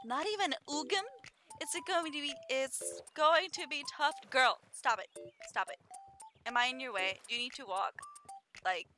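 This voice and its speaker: A woman streamer chatting casually through a video game, giggly and easily excited by cute things. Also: high voice, unhurried, soft background music. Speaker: gaming streamer. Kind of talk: casual let's-play commentary.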